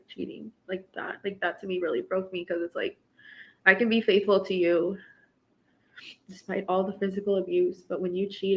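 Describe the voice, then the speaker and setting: Through a muffled recording, a twenty-something woman with a mid-range voice vents about her marriage on her vlog. She's upset and keeps filling her sentences with "like."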